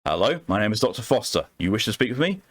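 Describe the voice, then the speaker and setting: A man's voice: on the low side, sing-song, fast, no echo, clean studio sound. A man reading a stiff, formal researcher. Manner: formal, questioning.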